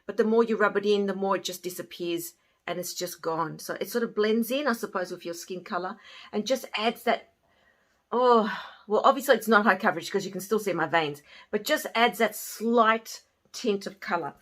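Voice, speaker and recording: A woman casually reviewing beauty products she bought, chatty and often trailing off softly at the ends of her thoughts. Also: mid-range voice, normal speed. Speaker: beauty haul vlogger.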